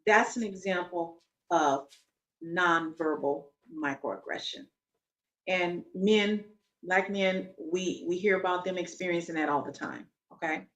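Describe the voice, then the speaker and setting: A woman's voice: lowish voice, measured pace, a bit bright. A woman hosting a podcast, explaining in an instructive tone and repeating key words for emphasis. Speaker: podcast host.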